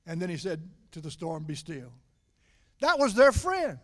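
A middle-aged man preaching a sermon, swinging from loud emphatic lines to low confiding asides and slowly stretching key words for emphasis. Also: big pitch swings.

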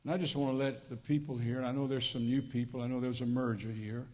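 A man with a Cajun accent delivers a sermon from a church pulpit, folksy and joking, often repeating himself. His voice sits in a middle pitch. The church microphone carries a long, reverberant hall echo. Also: level tone, quick pace, a little mellow. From Louisiana Cajun country. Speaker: visiting preacher. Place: church sanctuary.

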